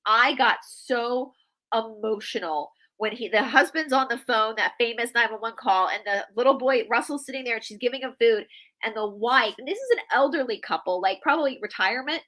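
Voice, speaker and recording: A woman's voice: fairly high pitch, brisk, fairly bright tone, poor audio. A woman co-hosting a casual chat, telling a story earnestly and emotionally, with frequent restarts. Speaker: podcast co-host. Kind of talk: casual chat about a news case.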